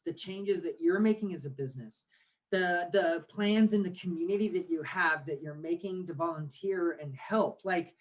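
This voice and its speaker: A man in his forties, a guest on an interview podcast, explaining things with lively rhetorical questions. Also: sits high. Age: 40s. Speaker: guest, marketing agency owner.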